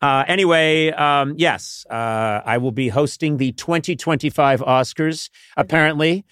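An older man hosting a podcast in casual banter, animated and teasing in a mock-pompous way. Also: a little high, unhurried, clean tone, no echo, clean studio sound. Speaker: podcast host.

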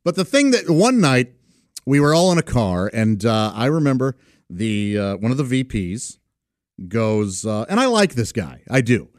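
A man's voice: mid-range voice, very animated, moderate pace, dry recording, clean studio sound. A man in his forties telling rambling, self-deprecating stories in a casual chat, often laughing as he goes. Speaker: storyteller. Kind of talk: casual anecdote.

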